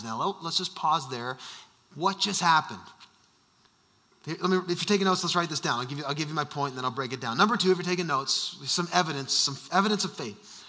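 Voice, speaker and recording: Pastor guy preaching, high-ish bright voice, big church echo. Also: brisk. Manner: emphatic preaching that swings between loud bursts and quiet asides. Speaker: senior pastor. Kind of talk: sermon. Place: church sanctuary.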